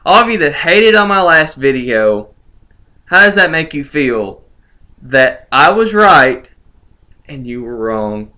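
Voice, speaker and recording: A man's voice: fairly high pitch, big pitch swings, slow pace, sharp tone. A young man ranting sarcastically about a video game, gloating and laughing in disbelief as he talks to his viewers. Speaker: gaming vlogger.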